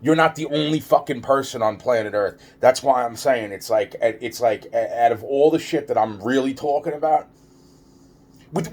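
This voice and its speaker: A man with a husky, slightly rough voice delivers a rambling vlog monologue. He swears constantly, repeats phrases and restarts his sentences, and his pitch sits in the middle range for a man. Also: darkish tone. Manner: profane, rambling, repeats himself, stumbles over restarts. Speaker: vlogger.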